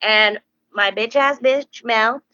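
A young woman hosting a podcast, telling a story in casual chat and acting out the quoted voices with high, animated bursts. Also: takes it slowly, no room sound, muffled recording. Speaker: podcast host.

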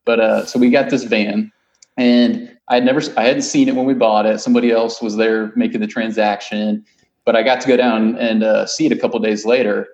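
Halting middle-aged man in an echoey room. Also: lowish voice, steady tone, a little mellow, muffled recording. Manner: halting, filler-heavy, dry humor. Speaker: guest. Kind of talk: casual storytelling chat.

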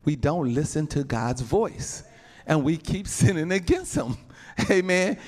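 High, lively-voiced preaching man. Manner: preaching with laughs and call-outs to the saints; reads scripture slowly, then voices people's complaints. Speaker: pastor. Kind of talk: sermon.

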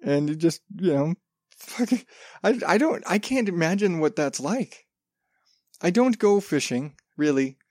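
A man's voice: on the high side, animated, measured pace, darkish tone, dry recording, clean studio sound. Rambling, profane podcast guy. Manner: rambling, profane, self-interrupting. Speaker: podcast host. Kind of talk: casual solo podcast chat.

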